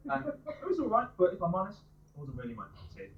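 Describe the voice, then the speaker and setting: Male stand-up comic, brisk pun-heavy delivery, caught on a dull live recording. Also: high-pitched, wildly swooping pitch, gravelly. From West Midlands, England. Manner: rapid-fire pun one-liners. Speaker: stand-up comedian. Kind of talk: stand-up comedy set. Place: pub comedy night.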